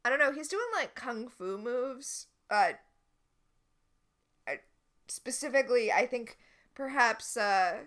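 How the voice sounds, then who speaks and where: A woman co-hosts a casual podcast, recapping a TV episode. She is chatty and wry, with a bright, slightly high voice. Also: animated. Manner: chatty, wry and quick to critique. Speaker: podcast co-host.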